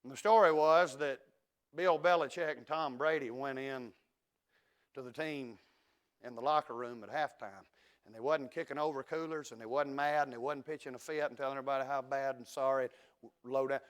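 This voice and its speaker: A middle-aged preacher man delivering a fiery sermon in a church. He drops to quiet, conversational asides, then rises to loud, ringing declarations, with his voice sitting at an ordinary male pitch. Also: steady tone, fairly quick, clean tone. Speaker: pastor. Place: church sanctuary.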